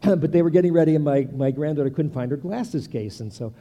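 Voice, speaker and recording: An older man, a pastor, preaching a sermon with animated delivery and playful asides to the congregation. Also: fairly high pitch, fairly quick.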